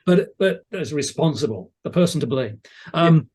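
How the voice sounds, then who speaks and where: A man's voice: on the high side, lively intonation, moderate pace, a little mellow, slightly rough. An older British man, an audiobook narrator, telling stories in a casual, self-deprecating interview chat. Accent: British English. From England. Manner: chatty, anecdotal, self-deprecating.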